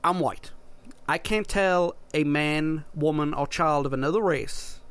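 A man's voice: on the high side, measured pace, fairly bright tone, clean tone, no room sound. A man co-hosting a podcast in casual chat, often restarting and repeating his words. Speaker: podcast co-host.

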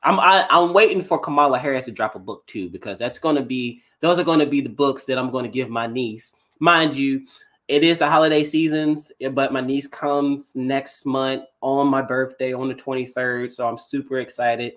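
Excitable man on a podcast. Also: mid-range voice, moderate pace, rough recording. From Louisville area, United States. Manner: animated, excitable, laughs and vents loudly. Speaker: podcast guest. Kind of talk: casual podcast chat.

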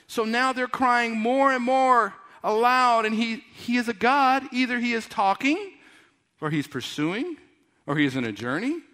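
Animated, bright-voiced male preacher. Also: extremely high pitch, measured pace. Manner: animated, ringside-announcer bursts and asides; drops to quiet, intimate tones. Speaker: pastor. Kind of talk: sermon.

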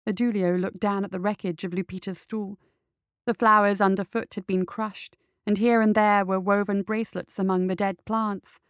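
A woman reading a story aloud in steady scripted narration. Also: mid-range voice, moderate pace, clean tone, no room sound, studio quality. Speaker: audiobook narrator.

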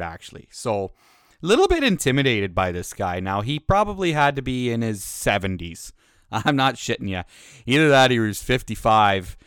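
A male truck driver spins a rambling, swear-filled story in an easy, casual way. His voice is smooth and clear, and the sound is dry with no room echo. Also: fairly low pitch, a bit bright. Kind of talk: casual anecdote.

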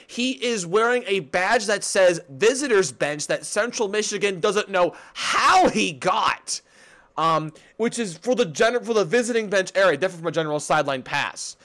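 A young man co-hosting a casual sports podcast, excitable and giggly, tripping over and repeating his words. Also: high voice. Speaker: podcast co-host.

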